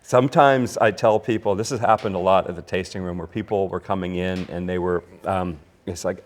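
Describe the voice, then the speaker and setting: A man with a fairly low voice hosts a relaxed whiskey tasting conversation. He talks like a storyteller, circling back on himself with fillers and restarts. His tone stays easygoing and conversational. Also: a little fast, hardly any pauses. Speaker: podcast host. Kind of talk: casual whiskey tasting chat.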